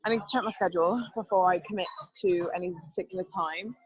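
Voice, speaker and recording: A woman's voice: fairly low pitch, fairly even intonation, fast talker, husky, low-quality recording. A woman leading a team training over a video call, upbeat and chatty, laughing often. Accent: not Canadian. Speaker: team leader.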